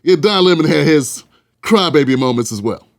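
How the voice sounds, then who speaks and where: A man's voice: on the high side, animated, normal speed, gravelly. A man hosting a casual commentary show, mocking and rambling, laughing at his own asides.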